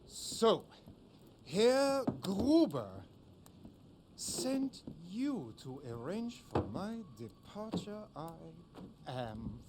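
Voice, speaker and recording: An actor playing a sadistic, mocking German commander with a German accent in a video game cutscene. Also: male voice, high-pitched, sing-song, noisy background, exaggerated voice. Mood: menacing. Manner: slow, silky, taunting, drawn-out words. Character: sadistic male German commander, middle-aged, cold and mocking. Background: game score music.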